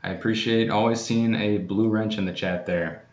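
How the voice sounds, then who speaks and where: Easygoing man with a low voice. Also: steady tone, normal speed, reverberant, highs cut off, soft background music. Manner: chatty and easygoing, many fillers and restarts. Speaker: coin collecting channel host. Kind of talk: casual livestream chat, opening fan mail.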